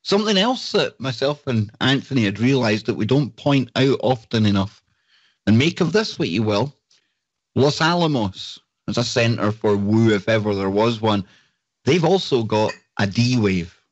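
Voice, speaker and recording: A man's voice: mid-range voice, expressive, moderate pace, no room sound. Enthusiastic male show host, lo-fi. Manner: enthusiastic, reads out lists. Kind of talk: casual live show chat.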